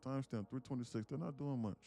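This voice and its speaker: A man's voice: medium pitch, fast, gravelly, warm tone, soft background music. A young man hosting a day-trading livestream, who chats casually, swears freely, rambles and often laughs. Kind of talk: casual live-stream chat.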